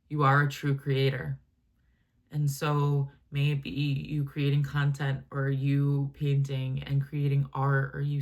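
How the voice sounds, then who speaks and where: A woman giving a channeled spiritual reading, speaking gently and affectionately in a meandering way with many fillers and restarts. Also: a bass voice. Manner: gentle, affectionate, addresses listener as my love and baby; meandering, filler-heavy, self-correcting. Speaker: channeled message reader.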